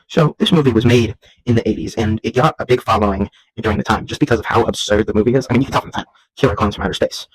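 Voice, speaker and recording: A man's voice: fairly low pitch, poor audio. A young man hosting a casual comedic vlog at home, rambling and jumping into silly voices. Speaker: vlog host. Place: at home while folding laundry.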